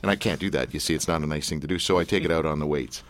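A man's voice: a bass voice, very fast. A man hosting a radio show in a studio, joking and rambling with plenty of fillers. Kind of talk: casual studio chat.

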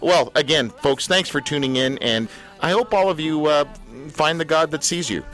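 A man's voice: a little high, moderate pace, music in the background. A man hosting a radio talk show in a studio, teasing his co-hosts in casual banter. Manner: joking, teasing, animated.

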